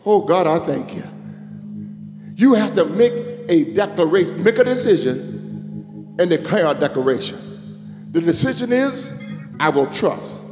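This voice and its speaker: Preacher, man, high lively voice swooping into sung shouts, recorded in a reverberant church with music behind. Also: a little slow, pauses often. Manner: call-and-response preaching, building to sung shouts. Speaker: bishop preaching. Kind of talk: sermon. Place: church sanctuary. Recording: echoey church hall with music.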